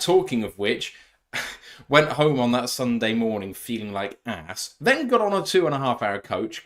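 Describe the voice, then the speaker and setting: A man co-hosts a casual live stream and keeps reading viewer messages aloud between jokes. His voice sits at an ordinary middle pitch. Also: fairly bright tone. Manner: reads out chat messages, chatty and joking. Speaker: podcast co-host.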